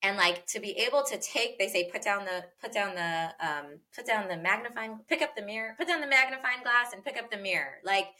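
A woman's voice: medium pitch, a little fast, few pauses, sharp tone. A woman speaking earnestly and reflectively in a casual podcast conversation about parenting, with frequent fillers and repeated phrases.

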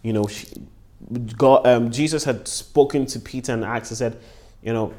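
An earnest preacher and podcast host teaches the Bible in a medium-pitched, slightly mellow voice at normal speed. He repeats key phrases for emphasis and exclaims praise between points.

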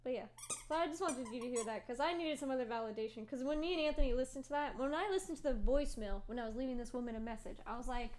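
High-pitched woman podcaster, chatty, swears a lot, telling a story. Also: very fast, a little mellow. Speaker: podcast co-host. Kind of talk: casual chat.

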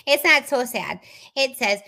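A woman's voice: high-pitched, expressive, measured pace, gravelly, pushed and bright. A woman co-hosting a casual podcast, reading tarot cards in a playful, giggly way, sometimes sliding into a put-on Midwestern mom accent. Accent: Midwestern American put-on. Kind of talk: casual chat.

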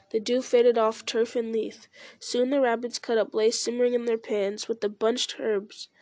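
A woman reads a novel aloud in a steady, measured way. Her voice sits a little high, and the recording is dry and close. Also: dry recording. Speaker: reader.

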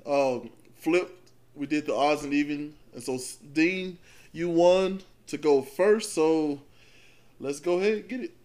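A man's voice: fairly high pitch, measured pace, darkish tone. A man hosting a casual podcast, easygoing and joking with his co-host.

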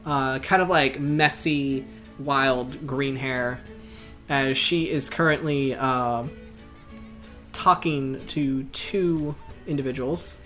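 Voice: mid-range voice, fairly even intonation, takes it slowly, a bit bright, faint music behind. A game master narrating a tabletop game in a casual, rambling way with many fillers.

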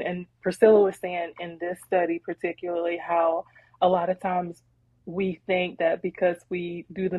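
A woman co-hosting a podcast, retelling a Bible story in casual chat with animated, laughing energy. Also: lowish voice, husky, no echo, narrow, tinny audio. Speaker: podcast co-host.

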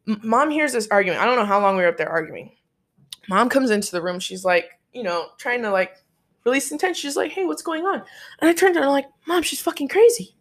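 A young woman with a medium-pitched voice talks fast as she tells a story in casual chat. She swears freely and gets animated, acting out what people said by quoting them in their own voices.

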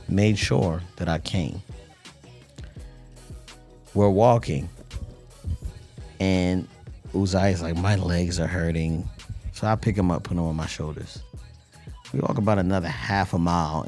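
A man's voice: sits low, darkish tone. A man in his thirties co-hosting a podcast, telling a playful story in casual chat. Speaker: podcast co-host.

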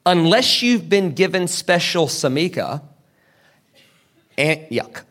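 A man's voice: on the high side, big pitch swings, slow, a bit bright. A man preaching a sermon as pastor. He asks the crowd questions, answers them himself, and acts out the people in the story.

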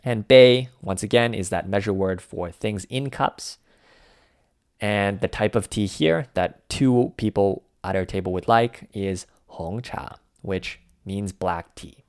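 A man's voice: on the low side, a little slow, a little mellow, smooth, no room sound, studio quality. A man teaching, methodically breaking phrases down into words and tones. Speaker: language teacher. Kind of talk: explaining a dialogue lesson.

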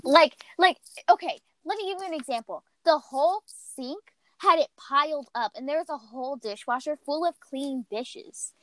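A woman's voice: high-pitched, normal speed, hardly any pauses, dry recording, low-quality recording. A young woman hosting a podcast, telling a story in casual chat and acting out what people said. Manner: animated storytelling, acts out quotes. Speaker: podcast host.

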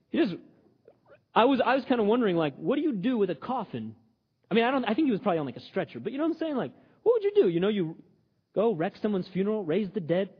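Animated man preaching in an echoing hall. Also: very high-pitched, husky. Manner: animated, joking, conversational preaching. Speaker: pastor. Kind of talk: sermon. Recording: dull audio with long hall reverb.

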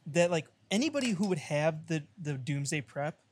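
A man's voice: a little high, expressive, normal speed, a little hiss or hum. A young man co-hosting a casual podcast chat, laid-back and full of "dude" and "like". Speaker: podcast co-host.

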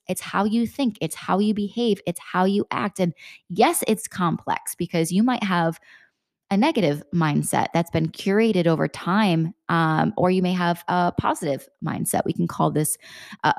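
A young woman with a low voice talks earnestly as a mindset coach for mothers. She keeps stacking questions and drops the occasional swear word. The recording is dry and close. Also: darkish tone, dry recording. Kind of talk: motivational talk.

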